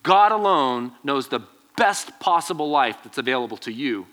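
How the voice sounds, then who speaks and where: A young man preaching to students as their pastor, telling a personal story with lively, acted-out quotes. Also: mid-range voice, normal speed. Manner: animated storytelling, acts out quoted voices. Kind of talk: youth sermon with personal story.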